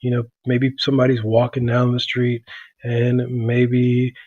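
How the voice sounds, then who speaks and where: Relaxed teacher, dull dry sound. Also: male voice, medium pitch, a little slow, no room sound. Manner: relaxed, many ums and uhs. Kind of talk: classroom podcast lesson.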